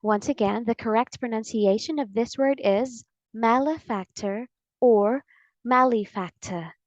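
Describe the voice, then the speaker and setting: A woman with an American accent teaching English pronunciation in a slow, deliberate lesson, repeating each word for drills. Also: on the high side, dark tone, dry recording, low-quality recording.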